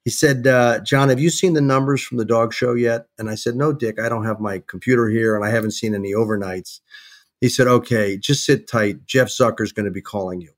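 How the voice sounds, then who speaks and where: A middle-aged man, a guest on a podcast, telling a lively anecdote and acting out the dialogue of the people in it. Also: medium pitch, fairly quick. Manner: animated anecdote-telling, acts out quoted dialogue. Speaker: sports television executive, guest. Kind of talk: casual storytelling in a podcast interview.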